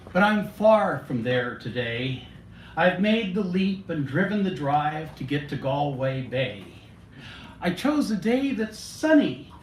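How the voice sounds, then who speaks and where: Genial man reciting verse in a roomy cafe. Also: slight background noise. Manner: genial, storytelling, animated pitch. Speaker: open mic poet. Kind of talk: reciting a rhyming poem. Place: small cafe indoors. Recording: roomy cafe, distant mic.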